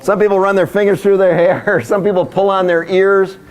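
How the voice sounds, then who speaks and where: A man's voice: high-pitched, little pitch movement, moderate pace. A man giving a live seminar presentation, joking and speaking directly to his audience. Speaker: workshop speaker.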